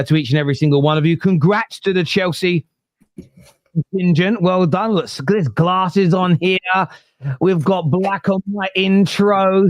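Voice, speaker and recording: A man's voice: high-pitched, dry recording. A man hosting a football fan podcast live, chatting frankly and reacting to viewer messages. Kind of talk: casual live-stream chat.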